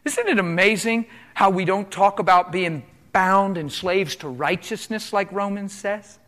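High-voiced impassioned male preacher. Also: a little slow. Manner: impassioned, rhetorical questions, shifts between loud and hushed. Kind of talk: sermon.

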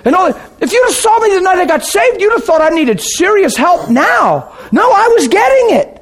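A man preaching a sermon and telling his own conversion story, emphatic and dramatic, dropping to a hush and then shouting. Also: very high-pitched, sing-song, normal speed. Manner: emphatic, dramatic, swings between hushed and shouting. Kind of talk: sermon with personal testimony.

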